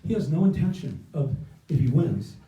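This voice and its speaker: Older guy fired up at a rally, fairly high voice, echoey room, mic kinda far off. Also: big pitch swings, normal speed, mellow. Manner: impassioned, rousing, repetitive cadences. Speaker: campaign guest speaker. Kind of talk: stump speech. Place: indoor event space.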